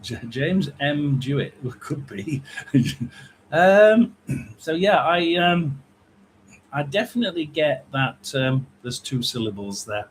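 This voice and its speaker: A middle-aged man with a slightly high voice hosting a casual livestream chat, rambling and greeting viewers by name as he talks. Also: lively intonation, takes it slowly, slight background noise, low-quality recording. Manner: rambling, chatty, reads out viewer names. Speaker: psychic livestream host.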